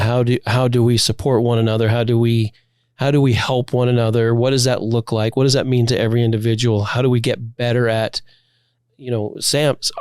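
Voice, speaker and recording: A man's voice: medium pitch, dry recording. Male co-host, casual reflective interviewer, dry studio sound. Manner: reflective, thinks aloud. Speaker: podcast co-host.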